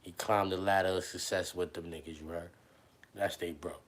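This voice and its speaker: A man hosting a livestream, chatting casually with viewers in loose, animated slang. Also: sits low, normal speed. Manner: slangy and animated, often addresses chat. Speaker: livestream host.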